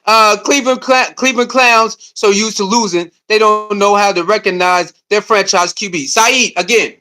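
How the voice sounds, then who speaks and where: A young man hosting a live stream, ranting loudly and excitably, repeating himself and reading and answering chat comments. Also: high voice, moderate pace. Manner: loud, excitable, repetitive, swings between shouting and muttering. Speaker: livestream host. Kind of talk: fired-up live stream rant.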